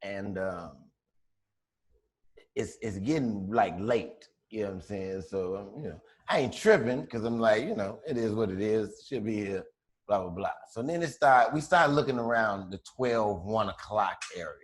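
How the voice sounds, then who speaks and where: A man casually telling a long story on a podcast, profane and animated, acting out the other people's voices as he goes. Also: fairly low pitch, normal speed. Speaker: podcast co-host.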